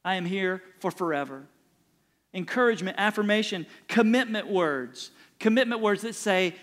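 A man's voice: high voice, expressive, normal speed. A middle-aged man preaching a sermon as pastor, emphatic and repeating phrases for punch.

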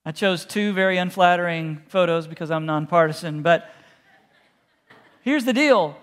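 A man preaching a sermon as pastor, talking casually and with humor, then softening to quiet, hushed repetitions. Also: high-pitched, moderate pace. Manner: conversational, joking preaching that drops to soft, hushed repetitions. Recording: long reverb in a large hall.

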